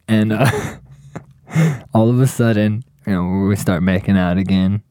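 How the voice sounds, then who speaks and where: A man's voice: fairly low pitch, slow pace, no echo, studio quality. A young man casually telling a profane story to friends, acting out what everyone said. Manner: profane, animated, acts out quotes.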